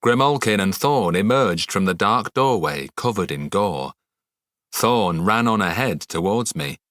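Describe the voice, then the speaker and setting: A man narrating a dark fantasy audiobook in the first person, measured and dramatic. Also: fairly low pitch, animated, no room sound, clean studio sound.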